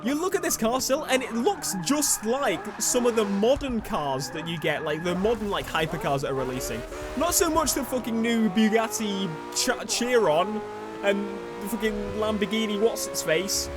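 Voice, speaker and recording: A young man rambling through racing game commentary, excitable and swearing, shouting when things go wrong. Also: high-pitched, moderate pace, over music. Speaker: gaming YouTuber. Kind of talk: gameplay commentary.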